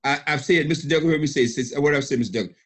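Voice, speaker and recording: A middle-aged man on a conference call, emphatic and animated, often repeating himself. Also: a little high, racing. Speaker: senior partner and mentor. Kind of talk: excited conference-call praise.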